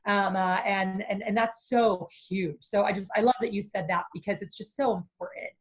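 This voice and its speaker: A woman's voice: mid-range voice, moderate pace. A woman business coach being interviewed, talking energetically and acting out the inner voices of fear. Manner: animated, acts out inner voices.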